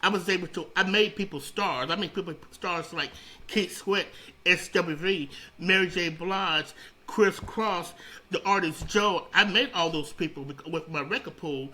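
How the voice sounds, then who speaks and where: A man's voice: high-pitched, a little slow, low-quality recording. A middle-aged man telling stories in a casual interview, rambling and repeating himself as he goes. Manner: rambling, repeats words and restarts, animated storyteller. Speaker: interview guest, radio founder.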